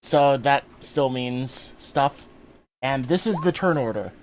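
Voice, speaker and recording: A man's voice: mid-range voice, slow, a little hiss or hum. A man acting as dungeon master, narrating casually and joking with swearing.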